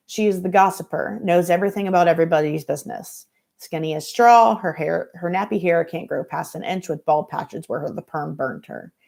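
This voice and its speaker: A woman reads a novel aloud to students in dry, measured first-person narration. Her voice is low and gravelly, with a dark, mellow color. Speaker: reader of a novel for school students.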